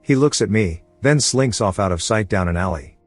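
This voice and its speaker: A male audiobook narrator with a low, husky voice, telling the story in the first person. He keeps a steady, low-key delivery, with soft music underneath. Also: normal speed.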